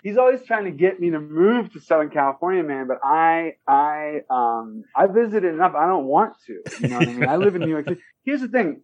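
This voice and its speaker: A man's voice: a little high, expressive, a little fast, hardly any pauses, muffled recording. A man in his forties, a comedian telling stories in casual chat, rambling with lots of fillers. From United States. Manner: rambling, many "you know" and "man". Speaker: comedian guest.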